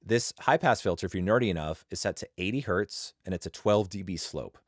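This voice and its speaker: A man's voice: deep voice, fairly quick, no echo, studio quality. A man and voice actor walking through an audio interface setup in a chatty, playful tutorial style. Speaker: audio gear reviewer and voice actor. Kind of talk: tutorial walkthrough. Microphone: studio microphone.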